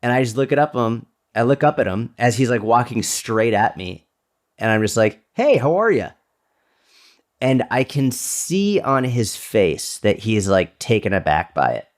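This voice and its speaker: A man co-hosting a podcast, telling a story in casual chat with lively, animated delivery. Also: normal speed. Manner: animated storyteller, jumps to a high bright voice when quoting greetings. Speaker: podcast co-host. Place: New York City resident at the time.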